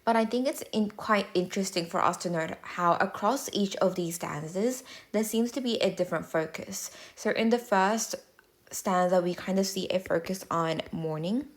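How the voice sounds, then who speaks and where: A woman tutor giving a measured, clear, step-by-step explanatory voice-over lesson. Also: medium pitch.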